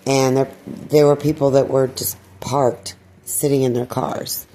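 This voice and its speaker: A woman talking in a personal vlog monologue, weary and distressed, sighing and clearing her throat. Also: extremely low pitch, little pitch movement, a little slow, warm tone. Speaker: video blogger.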